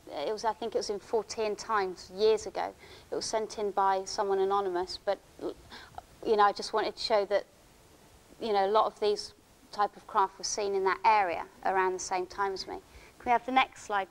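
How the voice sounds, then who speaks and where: A woman speaks at a conference. She tells a personal account in a halting, emotional way, restarting her sentences often. Her voice sits at an ordinary middle pitch. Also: low-quality recording. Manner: halting, emotional storytelling with many restarts and fillers. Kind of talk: first-person account given as a conference talk. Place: conference hall.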